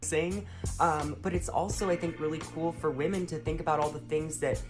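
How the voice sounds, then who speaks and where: A woman with a low voice speaks to camera in a bubbly, sing-song vlog manner. She closes her bits with chirpy sign-offs. Soft music sits faintly under her. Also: fairly even intonation, normal speed. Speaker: social media video creator. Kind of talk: upbeat vlog-style direct address to camera.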